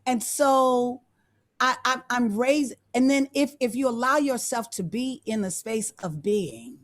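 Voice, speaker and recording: Woman guest speaker, fairly high voice, affirming motivational tone, repeats phrases, video call. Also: lively intonation, unhurried. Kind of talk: motivational talk to students.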